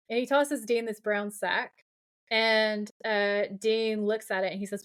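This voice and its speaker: Chatty woman podcaster recapping. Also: a little high. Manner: animated retelling, quick asides and laughs. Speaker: podcast co-host. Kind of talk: casual recap chat.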